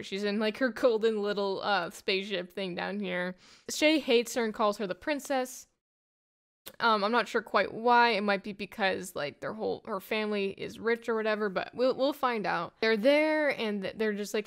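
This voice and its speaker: A woman's voice: mid-range voice, moderate pace. A woman giving a casual, rambling plot summary of a comic, full of "like" and "you know". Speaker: comic book reviewer.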